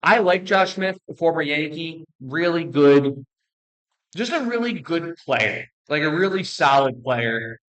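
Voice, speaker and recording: A young man ranking baseball players in casual commentary, blunt and joking, rambling with restarts and quick apologies. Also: on the high side, lively intonation, a bit bright, rough recording. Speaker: baseball video creator.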